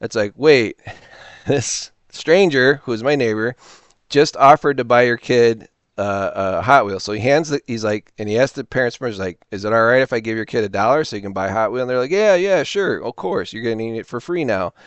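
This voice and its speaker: A man hosting a reseller channel, chatting casually and telling a rambling, animated story with quoted voices. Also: medium pitch, fairly quick, clear, resonant tone, dry recording. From Illinois, US. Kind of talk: casual talking-to-camera vlog.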